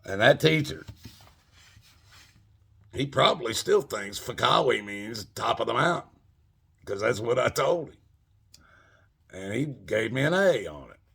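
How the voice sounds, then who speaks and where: Gravelly-voiced middle-aged man telling a story. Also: medium pitch, expressive, unhurried, long pauses, fairly bright tone. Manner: profane, rambling, addresses listeners as folks. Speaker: channel host telling a story. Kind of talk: casual storytelling to viewers.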